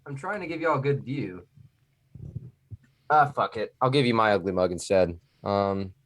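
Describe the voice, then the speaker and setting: A man's voice: lowish voice, expressive, moderate pace, fairly bright tone, no room sound. A man from Texas chatting loosely on a podcast, joking and sometimes sliding into a Texan drawl or a nerdy put-on voice. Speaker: podcast guest. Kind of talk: casual podcast chat.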